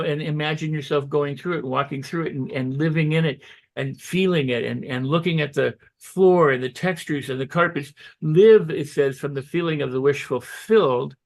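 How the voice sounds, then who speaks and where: A man giving motivational self-help advice as a guest, talking loosely and acting out excited self-talk in quick quoted asides. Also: fairly high pitch, creaky. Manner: loose and conversational, with restarts and "you know". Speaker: guest on a holistic health show.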